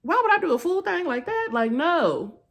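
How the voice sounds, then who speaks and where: A young woman chatting through a storytime while doing her makeup, with animated asides to her viewers, recorded on a phone at home. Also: extremely high pitch, normal speed. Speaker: beauty vlogger. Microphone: phone camera.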